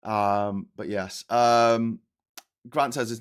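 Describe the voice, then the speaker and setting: A man's voice: lowish voice, fairly even intonation, slow pace, smooth. A man hosting a casual livestream, reading chat and rambling bluntly, with frequent swearing and fillers. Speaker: livestream host.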